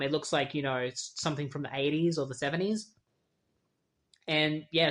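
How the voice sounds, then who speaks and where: Chatty comic book reviewer. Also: medium pitch. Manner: chatty, lots of fillers and wry asides. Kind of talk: casual comic book recap.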